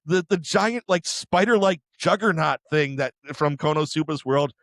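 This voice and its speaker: Guy on an anime podcast, lively storytelling, kinda high voice, dry sound. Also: dry recording. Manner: animated retelling with quick impressions of characters; laughs often. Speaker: podcast co-host. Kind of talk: casual anime discussion.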